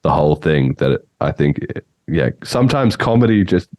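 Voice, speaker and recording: A man's voice: very deep voice, big pitch swings, moderate pace, darkish tone, no room sound. A man hosting a podcast, chatting casually in a rambling way and laughing often. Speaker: podcast host.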